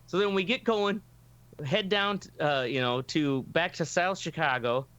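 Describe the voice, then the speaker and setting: A man's voice: a little high, unhurried, a bit bright, smooth, no room sound, highs cut off. A man on a podcast telling a long story in casual chat, rambling with lots of fillers and swearing and acting out the people he quotes.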